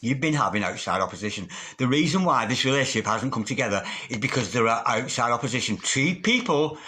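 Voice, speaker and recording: A man's voice: medium pitch, expressive, fast talker, bright, forceful tone. A man giving a tarot reading in a theatrical, sing-song manner, calling the listener darling. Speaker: tarot reader.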